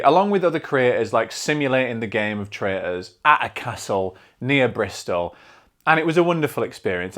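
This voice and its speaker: Solo podcast host: man, mid-pitched, energetic, rambling, casual swearing. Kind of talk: solo film podcast chat.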